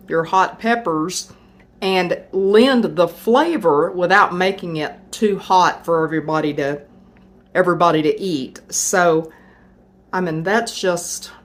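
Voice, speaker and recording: Woman, home cook host, lowish voice, slow unhurried talk, chatty and folksy. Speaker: home cooking channel host. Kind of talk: casual cooking demonstration.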